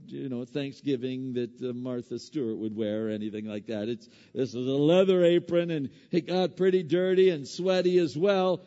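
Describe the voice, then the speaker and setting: A man's voice: fairly high pitch, darkish tone. A man preaching a sermon as a pastor, talking in an easy conversational way with many fillers, restarts and joking asides. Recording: echoey hall, dull lo-fi sound.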